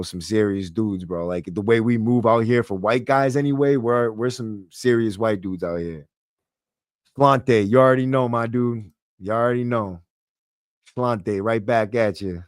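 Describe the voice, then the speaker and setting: A man's voice: fairly low pitch, no room sound, studio quality. A young man with a thick Boston accent hosting a casual livestream podcast, chatting to viewers in a brash, streetwise way full of swearing and slang. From Massachusetts. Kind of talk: casual livestream chat reading comments. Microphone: close podcast mic.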